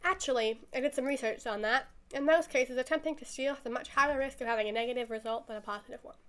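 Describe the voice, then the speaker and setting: Earnest, lecturing nerdy teen girl from a game, high and bright, read by a woman. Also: fast. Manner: matter-of-fact, lecturing.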